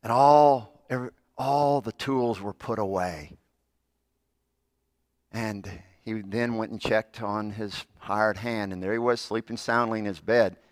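Earnest pastor with a low voice. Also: male voice, fairly even intonation, a little slow, no echo, studio quality. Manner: earnest storytelling, swells louder in stories then drops soft. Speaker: Methodist pastor. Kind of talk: sermon.

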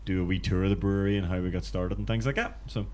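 A man's voice: sits low, steady tone, rapid-fire, darkish tone, slight background noise. A man with a Belfast accent co-hosting a podcast, chatting casually and rambling with lots of restarts. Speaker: podcast co-host. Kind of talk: casual chat.

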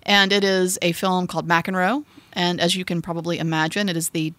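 Woman podcast host, emphatic and teasing, bright tone. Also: on the low side, a little fast, no echo. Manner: emphatic, teasing, animated in arguments. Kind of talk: casual film discussion.

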